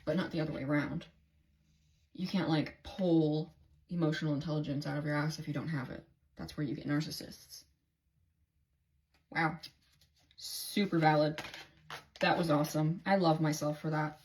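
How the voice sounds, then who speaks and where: Woman, low register, candid rambling tarot-reading diarist; salty, self-talking delivery. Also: steady tone, moderate pace, pauses often, a little mellow, slight background noise. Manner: candid, rambling, swears freely, self-talk. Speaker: tarot reader. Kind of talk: casual tarot reading video diary.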